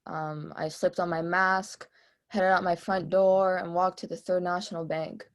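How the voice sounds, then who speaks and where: A woman's voice: on the low side, flat delivery, unhurried. A woman playing a brash young female bank robber, testifying in a casual, streetwise, offhand way over a video call in a mock trial.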